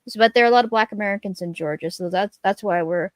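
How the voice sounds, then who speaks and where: A woman on a livestream panel giving animated, casual commentary on the election results. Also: mid-range voice, fast talker, no echo.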